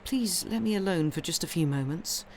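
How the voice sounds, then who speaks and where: A woman voicing a nervous, secretive young woman in a read-aloud story, anxious and hushed. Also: lowish voice, expressive, normal speed, a little hiss or hum.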